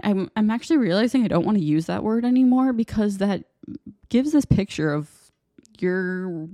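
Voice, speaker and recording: Candid rambling woman, low mellow voice. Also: no echo, studio quality. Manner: candid, rambling, self-deprecating. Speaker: podcast host. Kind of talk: casual solo podcast monologue.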